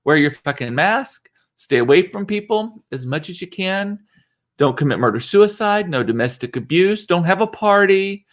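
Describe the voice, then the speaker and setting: Guy rambling on a livestream, lotta ums, voice a bit on the high side. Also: expressive, normal speed, a bit bright. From South Texas. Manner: chatty and rambling, with many fillers and restarts. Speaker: livestream host. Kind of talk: casual live-stream chat.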